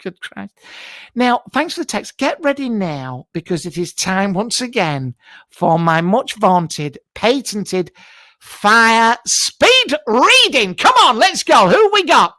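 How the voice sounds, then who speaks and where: A man's voice: very high voice, big pitch swings, slow pace, dry recording, exaggerated voice. Man doing Clinton Baptiste, brash camp psychic. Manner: blunt, rude, mock-mystical, shouts greetings. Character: brash, camp middle-aged male TV psychic. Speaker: host of a live psychic show. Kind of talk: comic improvised live stream. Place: home garage.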